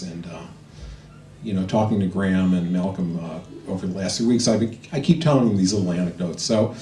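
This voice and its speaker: A man's voice: deep voice, dark tone, a little hiss or hum. Chuckling man telling a stage tale. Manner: chuckling, playful storyteller. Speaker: former roadie and record producer telling stories. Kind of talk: stage anecdote to a live audience. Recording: roomy, distant stage mic with music.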